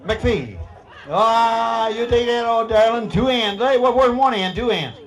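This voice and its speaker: Man, Newfoundland accent, high voice, jovial teasing emcee, faint crowd behind. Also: a little slow. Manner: teasing, folksy, laughing often. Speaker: master of ceremonies at a screech-in. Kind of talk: jovial ceremony banter.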